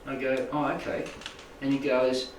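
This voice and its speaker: Here a spiritual healing teacher speaks at normal speed in a medium-pitched, flat voice, rambling through an informal talk for a small live group. He frequently asks "right?" and "make sense?". The room echoes, the mic is far off, and there's a little hiss or hum.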